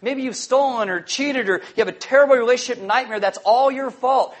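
High-voiced man preaching a sermon. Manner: emphatic, repeats key lines, slows for emphasis. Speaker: pastor.

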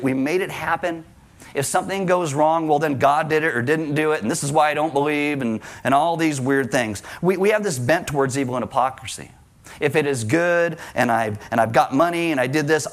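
A male pastor preaching a sermon in an animated way, with joking asides and acted-out quotes. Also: a little high.

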